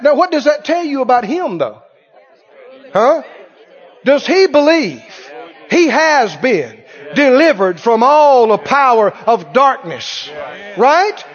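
A man preaching a sermon, telling a story from his own life in an animated way and laughing as he tells it. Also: very high voice. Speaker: pastor. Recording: dull sound with long hall reverb.

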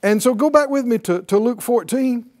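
A man's voice: extremely high pitch, moderate pace. A man preaching a sermon, calling out to his congregation for responses. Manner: animated, calls for responses from the congregation.

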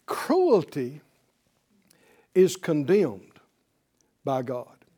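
High-pitched, lively preacher man. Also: very slow, breathy edge. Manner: animated, asks the audience questions for call-and-response. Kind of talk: sermon. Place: teaching before a live audience.

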